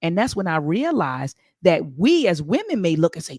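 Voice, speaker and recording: A woman hosting a talk show, telling stories in an animated way and repeating words for emphasis. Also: fairly low pitch, moderate pace, slightly rough, dry recording, clean studio sound. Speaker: host. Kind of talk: casual talk-show discussion.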